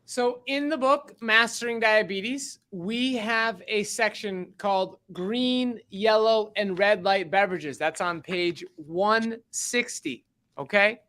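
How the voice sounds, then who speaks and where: A man co-hosting a casual online chat, speaking at a measured pace with the odd hesitation. His voice sits high for a man. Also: sharp tone. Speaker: co-host. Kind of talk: casual chat and reading aloud.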